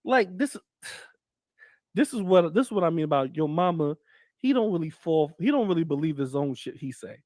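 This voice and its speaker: A man with a slightly high voice talks on a live commentary panel, animated and quick to swear. He often acts out other people's words. The sound is dry and close. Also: dry recording. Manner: animated, profane, acts out quotes. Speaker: panel co-host. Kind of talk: casual commentary chat.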